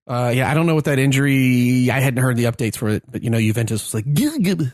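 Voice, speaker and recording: A man talks sports in loose, rambling podcast banter, often restarting his sentences. His voice sits in an ordinary middle pitch. The sound is dry and close, with no room echo. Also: fast. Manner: rambling, animated sports opinions with many restarts. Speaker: podcast co-host. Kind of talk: casual chat.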